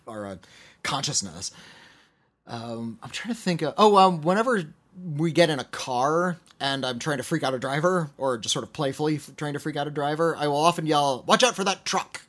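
A man's voice: a little high, animated, normal speed, fairly bright tone. A middle-aged man co-hosting a podcast, reading listener letters and rambling casually with restarts. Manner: rambling, self-correcting, quoting movie lines. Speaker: podcast co-host.

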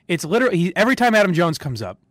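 A man's voice: high-pitched, racing, dry recording, clean studio sound. Sports talk guy, rambly, laughs a lot, goes up and down all over the place. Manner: rambling, animated, laughs often, restarts sentences. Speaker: sports radio podcast host. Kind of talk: casual opinionated chat.

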